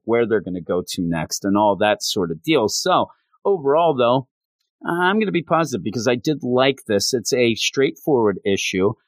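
A man's voice: on the low side, no echo. Casual guy rambling through a comic review, lots of "you know", dry close sound.

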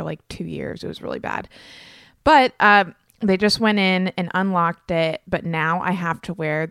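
A woman's voice: fairly low pitch, a bit bright, no echo, studio quality. A woman in her thirties hosting her own podcast in a casual, upbeat, chatty way, speaking with a slight lisp and peppering her talk with filler words. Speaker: podcast host.

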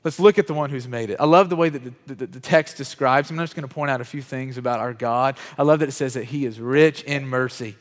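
A man giving a sermon in a conversational way, calling on people in the room by name and building louder on key points. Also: medium pitch, quick pace, hardly any pauses. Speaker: pastor. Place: church hall with chairs. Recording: reverberant hall, at times off mic.

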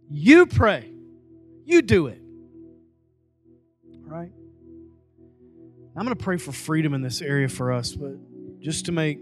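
A man preaching a sermon as pastor, lively, with folksy asides and acted-out quotes. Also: sits high.

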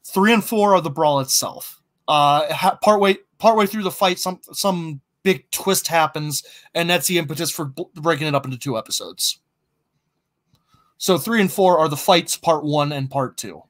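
A man's voice: fairly high pitch, moderate pace, a bit bright. A man in casual brainstorming chat, thinking aloud with many ums and restarts. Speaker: co-host planning a fiction podcast.

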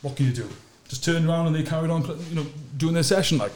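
A man spinning a rugby yarn at a fast, tumbling clip, his voice bouncing off the walls of an echoey room. He tells it in a lively way and falls to a low, quiet murmur for his asides. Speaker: podcast host and former sevens captain. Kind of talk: animated storytelling in a casual chat.

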